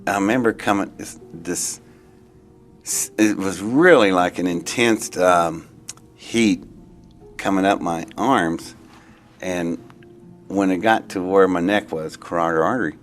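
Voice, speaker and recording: Interviewee, man, low voice, rambling and excitable, faint music behind. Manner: rambling, excitable, trails off and restarts. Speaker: interviewee recounting an experience. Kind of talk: interview storytelling.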